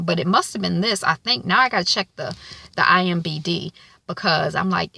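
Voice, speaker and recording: A woman's voice: fairly low pitch, fairly quick, vocal fry, pushed and bright, dry recording. A woman giving a casual spoken recap of a TV episode, chatty and loose, with many filler ums. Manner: colloquial, loose grammar. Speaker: TV episode reviewer.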